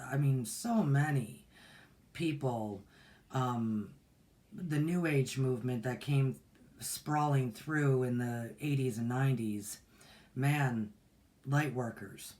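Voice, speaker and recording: A meditation teacher in their forties hosts a casual livestream in a medium-pitched, slightly mellow voice. They talk in a folksy, wandering way, often restarting their sentences.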